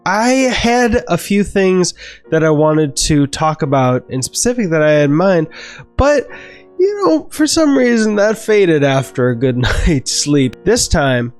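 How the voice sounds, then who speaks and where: A man's voice: a little high, big pitch swings, measured pace, smooth, soft background music. A man vlogging in a casual video-diary style, candid and rambling, swearing freely. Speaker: movie vlogger.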